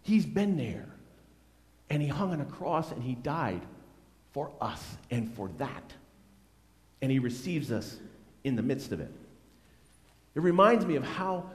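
A man preaching a sermon as a pastor, earnest and conversational, with strong swings between loud and soft. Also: mid-range voice, big-room sound.

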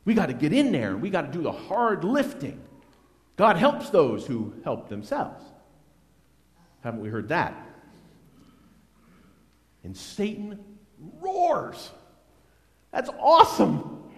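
Lively preaching man in a reverberant hall. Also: fairly high pitch. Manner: earnest, conversational preaching with lively swings in loudness. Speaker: pastor. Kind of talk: sermon.

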